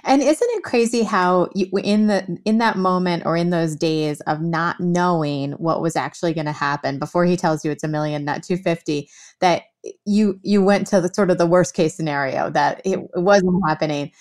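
A woman's voice: lowish voice, normal speed, darkish tone. A woman hosting an interview, asking reflective questions and reacting to her guest. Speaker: podcast host. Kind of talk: interview conversation.

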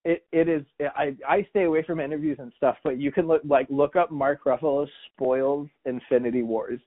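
A man's voice: a little high, steady tone, normal speed. A man hosting a podcast, chatting casually and telling stories with lots of restarts and quoted back-and-forth. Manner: rambling storyteller, many restarts and quoted voices. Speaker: podcast host. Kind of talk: casual chat. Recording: tinny phone-like sound.

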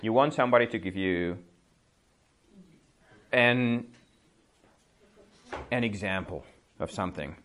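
Male teacher, native Czech speaker, lowish voice, animated classroom delivery. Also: takes it slowly, long pauses. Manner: lively, explains with example dialogues, switches languages. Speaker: language teacher.

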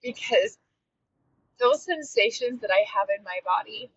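Woman host and fitness coach, earnest heartfelt reflection with a lively voice; dull recording with a faint hiss. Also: fairly high pitch, moderate pace. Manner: earnest, heartfelt, with frequent restarts. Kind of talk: reflective solo monologue. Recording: dull, slightly lo-fi with faint noise.

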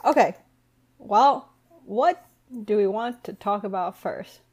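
A woman's voice: mid-range voice, slow, darkish tone. A woman hosting a book podcast, chatting casually and summarizing the plot, with many "like"s and "um"s. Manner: chatty, uses fillers like "like" and "um". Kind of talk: casual chat.

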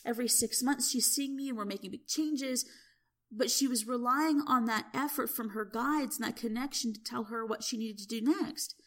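A woman's voice: on the high side, normal speed, a bit bright. A woman hosting her own podcast as a spiritual coach, talking casually in a chatty storytelling way with lots of "you know" and "right?". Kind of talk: casual solo podcast monologue.

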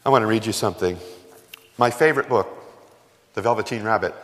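A pastor with a lowish, slightly bright voice talks fast through his sermon. Emphatic yet conversational, he fires rhetorical questions at his congregation, and the church sanctuary lends a long hall reverb.

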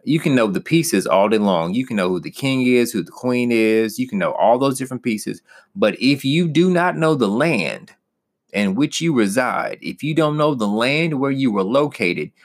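A man's voice: medium pitch, expressive, moderate pace. A young man teaching as a pastor in an earnest, personal way, rising with emphasis on key points. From United States.

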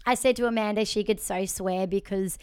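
A woman's voice: mid-range voice, steady tone, a little fast, a little mellow, clear, resonant tone. A young woman hosting a podcast, telling encouraging stories in an upbeat, chatty way. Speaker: podcast host. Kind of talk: casual chat.

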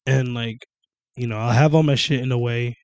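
A young man in casual chat, swearing freely, animated and quick to break into joking impressions. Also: medium pitch, dry recording.

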